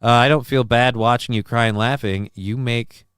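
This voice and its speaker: A man's voice: mid-range voice, steady tone, moderate pace, fairly bright tone, smooth, no echo, studio quality. A man hosting a casual live stream, reading chat messages and answering them in a defensive, rambling way, swearing casually, with a voice that cracks at times. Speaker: livestream host reading chat.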